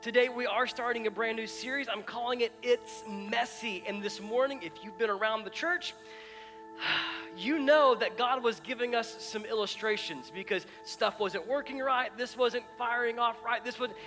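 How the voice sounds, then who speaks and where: A man's voice: very high-pitched, normal speed. A middle-aged man preaching a sermon as pastor, telling stories in a chatty way with many restarts and repeated words. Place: church auditorium. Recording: church hall reverb with music.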